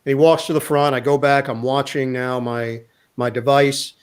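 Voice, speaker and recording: A man, a sports broadcaster, telling an animated anecdote in a casual interview and quoting people along the way. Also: mid-range voice, normal speed, clean tone. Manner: animated anecdote teller, quotes others in voices.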